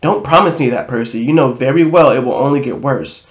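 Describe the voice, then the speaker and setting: A man's voice: medium pitch, a little fast, muffled recording, close to an everyday voice. A man voicing a worried, loving middle-aged mother who scolds anxiously. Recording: roomy echo.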